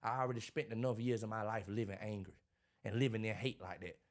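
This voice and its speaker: Fast-talking man, animated preachy storyteller. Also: on the low side. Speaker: podcast guest, motivational speaker. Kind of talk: casual interview talk.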